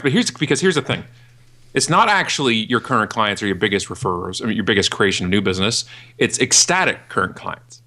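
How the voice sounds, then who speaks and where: A man in his forties, a podcast guest and keynote speaker, talking in a ranting, jokey way and acting out other people in a high voice. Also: animated, fairly quick, sharp tone. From Canada. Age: 40s. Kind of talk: animated podcast interview.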